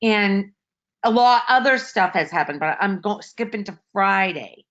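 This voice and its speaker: A woman shares a personal story in casual, emotional bursts, often stopping and restarting mid-sentence. Her voice sits in an ordinary middle pitch. The audio is dull and lo-fi, like an online call. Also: lively intonation, unhurried, fairly bright tone. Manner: emotional, breathless retelling with many restarts. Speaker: participant sharing a story.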